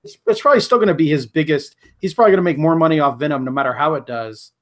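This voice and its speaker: Podcast co-host, male, slightly higher voice, blunt and swears freely in casual chat. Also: racing. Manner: blunt, profane, opinionated.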